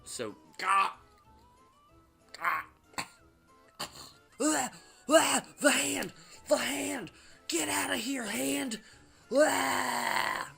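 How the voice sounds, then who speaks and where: A man putting on a deliberately bad English accent as a panicked man shrieking in fright. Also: very animated, gravelly, bright, forceful tone, slightly rough, faint music behind, full character voice. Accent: put-on English. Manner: high shrieking yelps.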